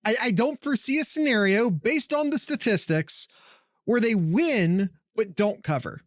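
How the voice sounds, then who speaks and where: A man's voice: sits high, animated, normal speed, no room sound, studio quality. A man co-hosting a casual sports podcast, joking and teasing his partner while citing betting statistics. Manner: joking, teasing, stat-heavy. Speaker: podcast co-host. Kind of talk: casual sports picks chat.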